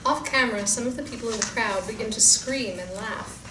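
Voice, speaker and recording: A woman's voice: a little high, fairly quick. Woman narrating, far off in a roomy hall. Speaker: narrator reading stage directions. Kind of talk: screenplay reading. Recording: roomy distant sound with background noise.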